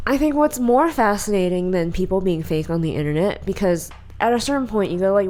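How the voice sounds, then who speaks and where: A woman co-hosting a podcast in casual chat, blunt and opinionated, telling stories in an animated way. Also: medium pitch, fairly quick, few pauses, slight background noise. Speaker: podcast co-host.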